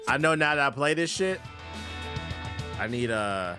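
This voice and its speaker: Excitable, cursing male game streamer. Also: mid-range voice, unhurried. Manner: excitable, profane, loud outbursts. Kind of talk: casual gaming commentary. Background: game music.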